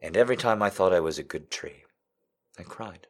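A man hosting a live podcast, telling a story to his chat, dropping from hushed whispers to loud, profane, teasing jokes. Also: low-pitched, fairly quick, breathy edge. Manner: swings from hushed whispers to loud crude joking. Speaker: livestream podcast host.

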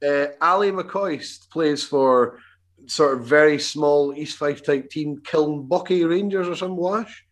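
A man co-hosting a podcast, telling quick, animated anecdotes in casual chat. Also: a little high. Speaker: podcast co-host.

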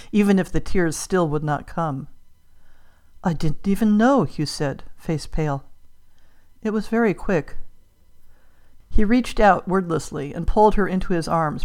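A woman host narrating a story in a measured reading voice, going softer on the quiet lines. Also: sits low. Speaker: podcast host. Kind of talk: scripted narration.

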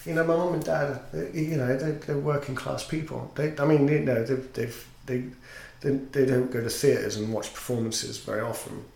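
This podcast guest, who both teaches and sings, has a medium-pitched, steady, slightly mellow and creaky voice, moving at a moderate pace with few pauses. Earnest and reflective, he tells his story in a casual interview captured with roomy echo and faint noise.

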